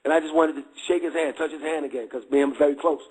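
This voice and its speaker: Husky-voiced man telling his story. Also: on the high side, fairly even intonation, rapid-fire, darkish tone, rough recording. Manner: streetwise slang, constant check-ins with listeners. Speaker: guest giving a testimony. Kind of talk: candid storytelling testimony.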